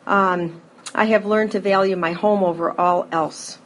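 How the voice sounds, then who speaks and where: A middle-aged woman giving a personal recovery testimony to a live audience, telling her story in a lively way, acting out scenes, with frequent fillers. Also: mid-range voice, unhurried, slight background noise. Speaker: speaker sharing a recovery story.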